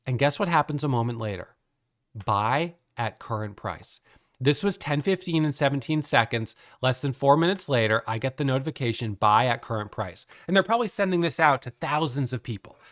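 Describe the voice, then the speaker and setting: A middle-aged man explaining a trading topic in a casual, animated way, laughing often as he tells the story. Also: medium pitch, a little fast. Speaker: day trading educator.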